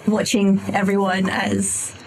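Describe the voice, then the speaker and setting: A woman player describing her character at a tabletop game, unhurried and full of "like" and "sort of". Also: medium pitch, monotone, a little mellow, breathy edge, low-quality recording.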